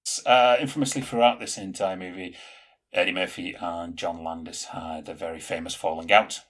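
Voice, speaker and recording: A man's voice: low voice, fairly even intonation, normal speed, a bit bright. A man co-hosting a podcast in casual chat, rambling through film trivia. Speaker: podcast co-host.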